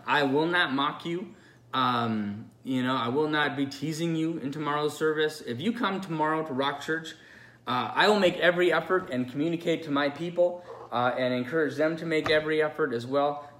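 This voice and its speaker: A man's voice: fairly high pitch, fairly bright tone. A man, a pastor, giving an earnest, rambling, unscripted message to his listeners. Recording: echoey room.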